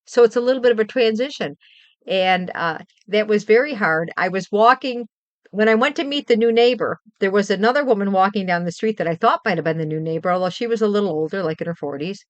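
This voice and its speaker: A woman's voice: medium pitch, fast talker, no room sound, muffled recording. A middle-aged woman from Western New York, chatting casually and heartfeltly with her stream viewers, rambling and repeating herself. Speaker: livestream host.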